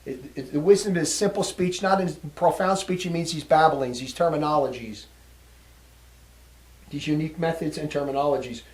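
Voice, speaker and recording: Male lecturer, high voice, indignant and scornful, reads quotes then rails against them; echoey room. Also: normal speed. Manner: indignant, scornful, reading long quotes aloud. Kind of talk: religious lecture.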